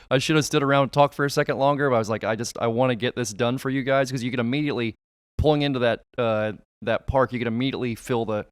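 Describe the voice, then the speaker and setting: A man talking quickly in a smooth, clear voice as he tells stories with a friendly, chatty rhythm, often restarting his sentences. The sound is close and dry. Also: medium pitch, no echo. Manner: fast, chatty, many restarts. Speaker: podcast guest, reptile catcher. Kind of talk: casual interview storytelling.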